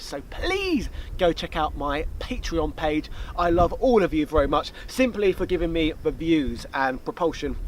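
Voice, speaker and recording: Chatty man, high voice. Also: fairly bright tone, a little hiss or hum, poor audio. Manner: chatty, jokey, quick asides. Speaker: YouTube host. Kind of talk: casual Q&A chat. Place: outdoor location, light background noise.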